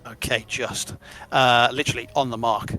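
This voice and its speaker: A man runs a tabletop game as game master, narrating scenes in a relaxed, descriptive way that often restarts mid-sentence. His voice is bright and sits at a middle pitch. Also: moderate pace, soft background music.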